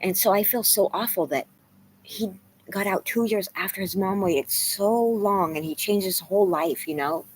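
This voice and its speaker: A woman's voice: mid-range voice, lively intonation, normal speed, a little hiss or hum, rough recording. Tearful, rambling woman in her forties. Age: 40s. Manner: tearful, rambling, candid, swears. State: crying. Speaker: vlogger. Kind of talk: emotional casual vlog talk, reading chat.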